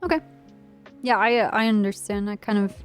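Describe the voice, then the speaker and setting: A woman's voice: medium pitch, steady tone, normal speed, soft background music. A woman streamer playing a state trooper in online role-play, talking casually and rambling with lots of fillers. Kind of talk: in-character game role-play chat.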